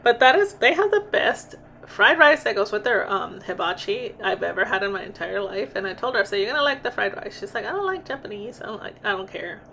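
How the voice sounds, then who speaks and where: Middle-aged woman, chatty vlog storytelling, gravelly edge, bright tone. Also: mid-range voice, expressive, brisk, few pauses, slight background noise. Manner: chatty, laughs often, self-interrupting. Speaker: vlogger.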